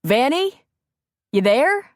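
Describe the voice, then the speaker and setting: A woman narrator voicing a young male Marine calling his wife, warm and teasing. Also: medium pitch, big pitch swings, unhurried, dry recording, clean studio sound, pitched above the performer's own voice. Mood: affectionate.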